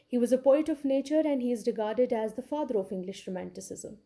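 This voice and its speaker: A woman delivers a recorded English literature lecture, explaining patiently, repeating key words and frequently checking in with "okay." Her voice is on the high side with a dark tone, and she talks fast.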